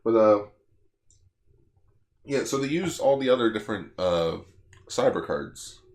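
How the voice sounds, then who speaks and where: A man co-hosting a podcast, retelling a plot in animated casual chat. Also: on the low side, measured pace, echoey room. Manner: animated retelling, lots of fillers. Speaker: podcast co-host.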